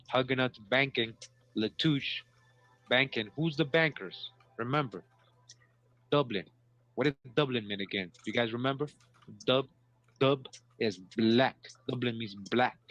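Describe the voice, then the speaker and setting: Reading passages aloud on his show, a man with a medium-pitched, somewhat bright voice keeps interjecting commentary. He checks in with listeners and often repeats words, and the recording is dull and lo-fi.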